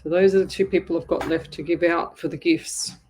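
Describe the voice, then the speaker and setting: A woman's voice: fairly low pitch, fairly even intonation, a little fast, a little mellow, a little hiss or hum. Chatty woman hosting a live stream. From Australia. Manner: chatty, laughs often, talks to her pets. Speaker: psychic medium hosting a live stream show. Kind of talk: casual live-stream chat greeting viewers. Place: at home at a desk with a camera.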